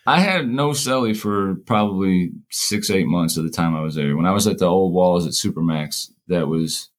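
A man's voice: sits low, normal speed. A man, likely in his forties, casually telling prison stories, acting out the dialogue and swearing freely. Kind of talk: casual storytelling.

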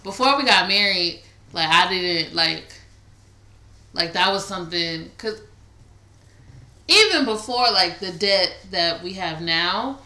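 Slow-talking bright young woman, frank. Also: lowish voice. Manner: frank, laughs often, swears casually. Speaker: podcast co-host. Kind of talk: casual chat. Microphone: studio mic at a table. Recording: roomy echo.

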